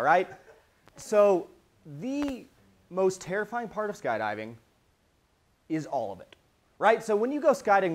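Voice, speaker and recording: High-voiced young man giving an animated keynote. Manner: animated storytelling, acting out reactions. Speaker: motivational speaker. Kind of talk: live keynote talk to students. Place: event with a live audience.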